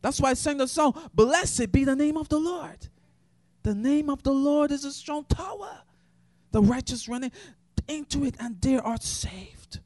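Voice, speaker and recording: Impassioned high-voiced preacher. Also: male voice, expressive, normal speed, dry recording. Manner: impassioned preaching, swinging from shouts to hushed tones. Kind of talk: sermon.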